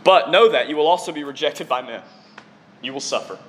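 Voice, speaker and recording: A man preaching a sermon to his congregation in an excitable, conversational way, often dropping in casual fillers. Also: on the high side, brisk. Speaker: preacher on staff.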